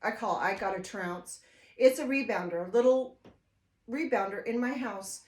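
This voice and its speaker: A woman's voice: medium pitch, normal speed, a little mellow. Older lady vlogging at home, chatty, gets emotional, lots of restarts, echoey room. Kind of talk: casual vlog talk to camera.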